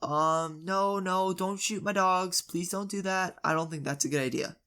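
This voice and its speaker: A young storyteller voicing a calm, polite father who pleads in a slightly raised voice. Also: sits high, moderate pace, clear, resonant tone, voice pushed up. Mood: pleading. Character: calm middle-aged father, polite and puzzled.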